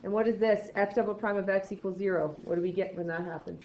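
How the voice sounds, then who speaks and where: A woman leads a math lesson in a relaxed, chatty way. She keeps firing off quick questions and answering them herself. The recording is a bit dull, with faint background noise. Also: mid-range voice. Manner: casual and encouraging. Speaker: math teacher. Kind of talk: classroom lecture.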